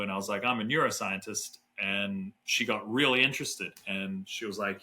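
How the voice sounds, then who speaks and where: A man's voice: fairly low pitch, fairly quick, bright, forceful tone, poor audio. A middle-aged Australian man, a neuroscientist guest, tells a story in a casual, rambling way with lots of fillers and restarts.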